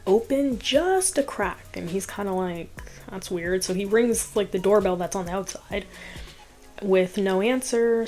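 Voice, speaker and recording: A woman's voice: mid-range voice, a little mellow. A woman chatting casually as she recaps a movie, laughing often and peppering it with "like.".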